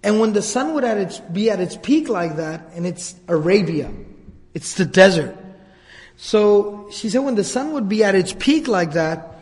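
High-voiced man telling a story. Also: measured pace, big-room sound. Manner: animated, conversational retelling with repetitions. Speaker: religious teacher. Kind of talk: storytelling lecture.

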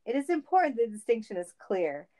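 A reckless, egotistical grown man who shouts grand declarations, as a woman reading a comic story plays him. He is loud and sure of himself. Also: fairly high pitch, very animated, brisk. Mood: grandiose.

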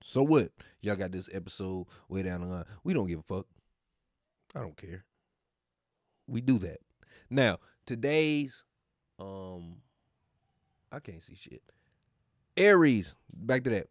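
A man's voice: sits low, lively intonation, takes it slowly, pauses often, no echo, clean studio sound. A man hosting a podcast in a casual, profane rant, mocking and often laughing. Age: adult. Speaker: podcast host.

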